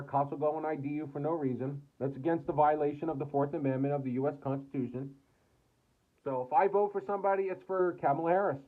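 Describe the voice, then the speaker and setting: An American man delivering an angry, profanity-filled rant to camera, cursing and repeating himself. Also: on the high side. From United States. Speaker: vlogger. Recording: tinny phone-like audio.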